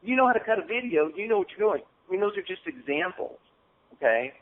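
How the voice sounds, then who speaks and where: A man's voice: high voice, sing-song, fast talker. A man giving a casual motivational coaching talk on a call, often checking in with "okay?". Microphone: phone call. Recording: phone-line audio.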